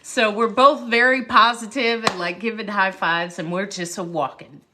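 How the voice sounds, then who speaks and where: A woman speaker telling a personal story on a livestream, lively and full of asides to viewers. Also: medium pitch, normal speed, a little hiss or hum. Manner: animated, jumps around, greets viewers. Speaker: motivational speaker, livestream host.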